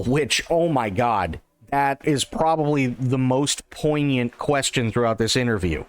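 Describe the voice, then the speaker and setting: A man's voice: mid-range voice, measured pace, no room sound. A man hosting a livestream, giving casual reaction commentary, repeating himself and stumbling over restarts. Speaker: livestream host reacting to an interview.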